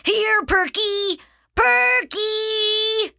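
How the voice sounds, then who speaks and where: An earnest young boy from a storybook, put on by a woman reader talks in a high, bright voice that leaps up into excited calls. The delivery swings widely and sounds dry and close. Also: a little slow, no echo, full character voice.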